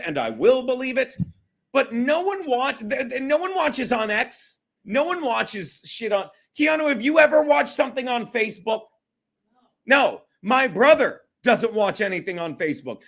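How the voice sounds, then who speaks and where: A man's voice: very high voice, a bit bright. A man hosting a casual solo livestream, rambling, swearing a lot and laughing often. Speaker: livestream host.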